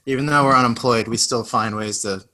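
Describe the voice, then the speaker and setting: A young man co-hosting a casual podcast, loose and jokey, peppering his talk with slang. His voice is bright and forceful, at an average pitch for a man. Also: brisk. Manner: laid-back, joking, lots of "like" and "dude". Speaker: podcast co-host. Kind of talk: casual chat.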